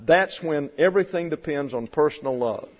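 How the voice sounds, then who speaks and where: A man preaching a sermon, teaching slowly and deliberately, with measured emphasis on key words. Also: a little high, expressive. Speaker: pastor. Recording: dull lo-fi sound in a long-reverb hall.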